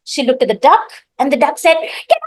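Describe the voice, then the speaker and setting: A woman narrating an improvised folk tale in a calm, expressive way. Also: sits high, brisk. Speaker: storyteller. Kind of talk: improvised storytelling.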